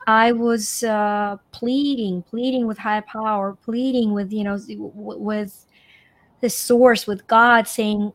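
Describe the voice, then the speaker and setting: A woman's voice: medium pitch, fairly even intonation, slow pace. A middle-aged woman from Ukraine, a coach guest in an interview, talking expressively and repeating phrases for emphasis. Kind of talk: conversational interview.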